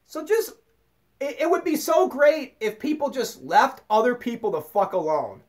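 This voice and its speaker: A man's voice: very high-pitched, expressive, normal speed. A man in an angry unscripted monologue, swearing constantly and stumbling over repeated words as he rants. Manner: profane, stammering ranting. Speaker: vlogger.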